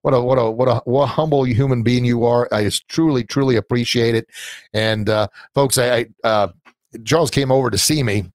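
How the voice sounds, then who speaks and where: A man's voice: mid-range voice, steady tone, a little fast, a little mellow, no room sound. A middle-aged man hosting a live-streamed podcast, talking earnestly and sentimentally, rambling with many fillers and restarts. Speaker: podcast host and anti-bullying coach.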